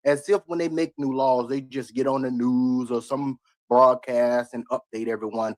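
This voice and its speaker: A man's voice: mid-range voice, steady tone, normal speed, hardly any pauses, darkish tone, no room sound. A man on a live stream giving blunt, critical commentary in rambling asides as he reacts to a video.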